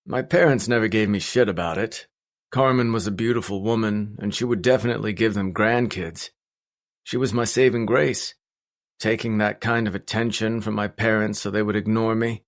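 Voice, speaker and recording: A man reading a first-person audiobook in a blunt, steady storytelling manner. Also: fairly low pitch. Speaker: audiobook narrator.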